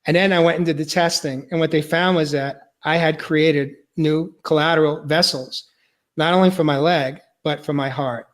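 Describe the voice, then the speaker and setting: A male podcast host sharing a personal testimony, earnest and halting, choked up and near tears. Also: on the high side, steady tone.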